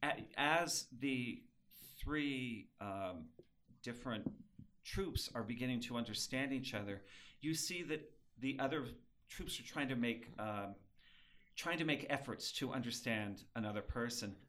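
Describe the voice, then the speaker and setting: Librettist guest, man, mid pitch, chatty and self-mocking, conversational. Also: expressive, unhurried, a bit bright, a little hiss or hum. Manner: chatty, self-deprecating, laughing often. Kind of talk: casual interview conversation.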